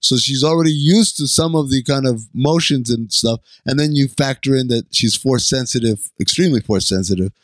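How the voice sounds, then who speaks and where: A man's voice: mid-range voice, brisk, few pauses, no room sound. A man co-hosting a podcast, chatting casually and animatedly about an episode. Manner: animated, reenacts lines in funny voices. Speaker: podcast co-host. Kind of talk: casual chat recapping an episode.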